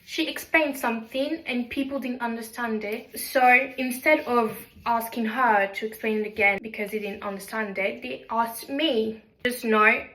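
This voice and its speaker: A woman's voice: fairly high pitch, moderate pace, hardly any pauses, fairly bright tone. A young woman from Belgium talking casually to her vlog camera in her kitchen, chatty and self-deprecating as she tells stories. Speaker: vlogger. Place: home kitchen.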